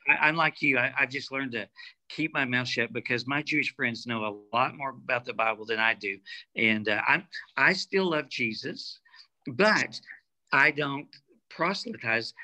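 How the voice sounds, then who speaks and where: A man's voice: medium pitch, moderate pace, bright, forceful tone. A man co-hosting a faith talk show, responding with affirming interjections and reflective remarks. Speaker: co-host.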